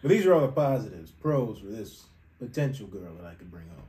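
A man's voice: lowish voice, sing-song, brisk, mellow. A man co-hosting a podcast in casual chat, joking playfully and laughing as he tells his story. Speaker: podcast co-host.

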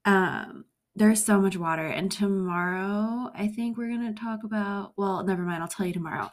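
A woman's voice: medium pitch, normal speed. A woman hosting a solo podcast in a casual, chatty Valley Girl-style voice, full of "like" and "um", a little nervous. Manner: Valley Girl-ish, lots of "like" and "um". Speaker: podcast host.

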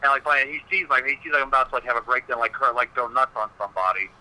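A man's voice: medium pitch, fairly even intonation, racing, sharp tone, rough recording. A man, a wrestling personality, telling stories in a casual podcast interview, rambling with many fillers and swearing freely.

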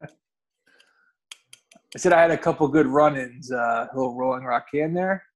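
A man's voice: mid-range voice, unhurried. A man co-hosting a podcast, telling rambling, profane stories in casual chat and often correcting himself. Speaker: podcast co-host.

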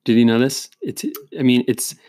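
A man's voice: mid-range voice, steady tone, normal speed, mellow, no room sound, studio quality. A man hosting a faith podcast, chatting casually and explaining things in a rambling, friendly way. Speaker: podcast host. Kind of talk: casual chat.

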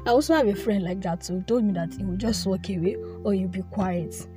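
A woman's voice: mid-range voice, fairly quick, music in the background. A young woman giving an earnest devotional talk, often repeating her phrases. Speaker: devotional speaker. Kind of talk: informal devotional teaching.

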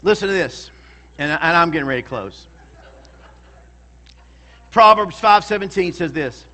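A man's voice: on the high side, lively intonation, measured pace, pushed and bright. A male pastor preaching a sermon in a church, emphatic and calling out to the congregation for responses.

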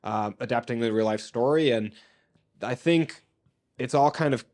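A young man co-hosting a laid-back movie podcast. He talks eagerly, laughs a lot and fills his sentences with "like" and "um". His pitch sits at an ordinary middle level for a man. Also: moderate pace, a little mellow. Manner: enthusiastic, laughs often, many fillers. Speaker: podcast co-host. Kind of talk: casual movie review chat.

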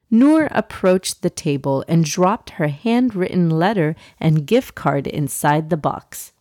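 A woman's voice: on the low side, dry recording. Brief: friendly storyteller woman, kids' podcast, close dry recording. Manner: warm, upbeat, addresses kids directly. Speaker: podcast host and narrator. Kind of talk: children's story narration.

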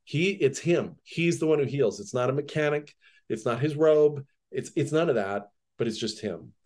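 A man's voice: medium pitch, animated, normal speed, darkish tone. Chatty male podcast Bible teacher. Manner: conversational, laughs often, reads a passage then comments.

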